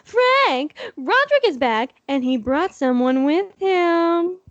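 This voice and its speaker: A high, haughty suburban mom, as a woman puts her on in a dry, close room. She calls out in a prim sing-song that swings wide and lands her words with a toffee-nosed lift. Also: big pitch swings, slow pace, no echo, lo-fi sound, full character voice. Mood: snooty. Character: snooty prim suburban mother.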